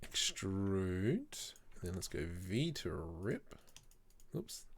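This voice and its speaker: A man's voice: low-pitched, very animated, drawn-out words, a little hiss or hum. A man in his thirties, casually rambling to viewers while working through a 3D modeling livestream. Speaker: 3D artist streaming.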